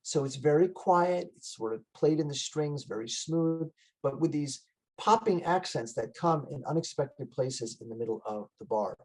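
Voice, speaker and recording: Chatty male music lecturer, higher voice. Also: lively intonation, normal speed, darkish tone, low-quality recording. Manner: conversational, many fillers and restarts. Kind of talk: casual lecture. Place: online library talk.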